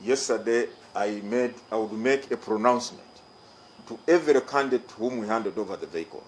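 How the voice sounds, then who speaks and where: A man's voice: fairly low pitch, fairly quick, a little hiss or hum, low-quality recording. A middle-aged man with a Ugandan English accent, chairing an electoral commission and giving a formal press conference statement, emphatic and repeating his key phrases.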